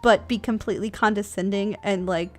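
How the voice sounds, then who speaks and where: A woman's voice: mid-range voice, steady tone, fairly quick, faint music behind. A woman from the American South, chatting casually as a stream guest, blunt and laughing often. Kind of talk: casual chat.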